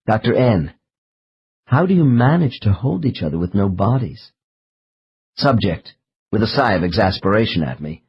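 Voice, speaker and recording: A man narrating an audiobook in a measured, slow reading of case transcripts. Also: lowish voice, very animated, slightly rough, muffled recording. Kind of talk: scripted narration.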